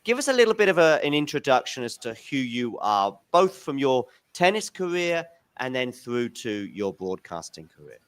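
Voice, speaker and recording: A man's voice: mid-range voice, sing-song, normal speed, few pauses, fairly bright tone, smooth, no room sound. A man hosting a tennis interview show, chatting in a friendly, informal way with his guest. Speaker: podcast host. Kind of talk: casual interview chat.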